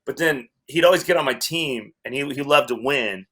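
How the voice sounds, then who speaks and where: A man's voice: medium pitch, normal speed, bright, forceful tone. A man from Wyoming, a comedian guest, casually telling a story with restarts and laughter. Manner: rambling, self-interrupting, laughs through the story.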